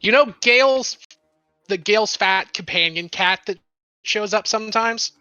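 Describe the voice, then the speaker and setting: Woman running a tabletop game; bright, lively voice, giggly narrator, close and dry sound. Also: medium pitch, a little slow, no room sound, faint music behind. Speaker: game master.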